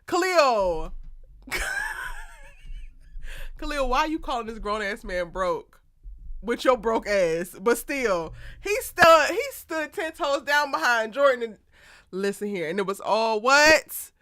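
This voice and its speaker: Woman, live show recap host, lively swooping pitch, dry close sound, laughs a lot. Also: takes it slowly, long pauses, dry recording. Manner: animated, laughs often, slangy and emphatic.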